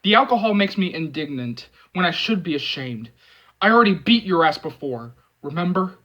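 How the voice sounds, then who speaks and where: A man voicing a hot-tempered, drunk young man who snaps, curses and shouts. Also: on the high side, animated, moderate pace, dull audio. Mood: angry. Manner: snapping, cursing, shouting. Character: angry, volatile young man, drinking.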